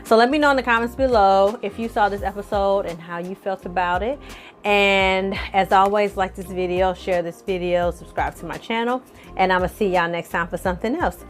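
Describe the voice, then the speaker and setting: A woman vlogger recapping a TV episode in casual, lively chat, calling her viewers y'all and honey. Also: medium pitch, normal speed, soft background music. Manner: animated, colloquial, addresses viewers as y'all and honey. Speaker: film review vlogger.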